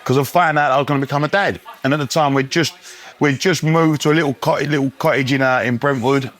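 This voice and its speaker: An English man with a medium-pitched, steady voice talks fast as a dinner guest in a pub dining room. It's a casual chat full of cheeky, loud banter and laughter.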